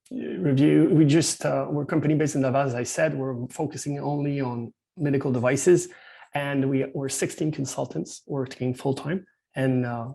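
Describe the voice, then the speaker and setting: A company founder with a Quebec French accent presents at an industry seminar via a webinar video call, hesitating and filling his speech with fillers and restarts. His voice is medium-pitched and creaky, warm in tone with a breathy edge.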